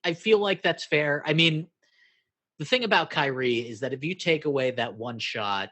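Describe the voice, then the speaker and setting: A man's voice: on the high side, moderate pace. A man from Brooklyn co-hosting a podcast, talking things through in a laid-back, musing way with lots of fillers. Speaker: podcast co-host. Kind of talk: casual sports chat.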